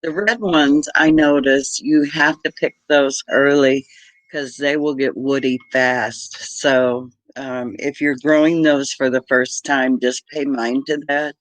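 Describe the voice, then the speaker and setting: A woman's voice: extremely low pitch, steady tone, slow, no echo, low-quality recording. A woman, chatting casually and heartfeltly on a livestream as a homesteading channel host, greeting viewers by name. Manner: chatty, heartfelt, reads viewer comments aloud.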